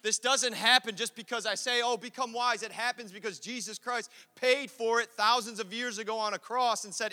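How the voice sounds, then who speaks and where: A man preaching a sermon as pastor, swinging from quiet asides to loud, drawn-out calls. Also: high-pitched. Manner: preaching with dramatic swings of volume and acted quotes. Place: church sanctuary. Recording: echoey church hall.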